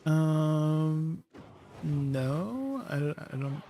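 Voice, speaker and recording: A man's voice: on the high side, expressive, drawn-out words, noisy background. A man casually chatting on a game stream, explaining gear and greeting viewers from chat.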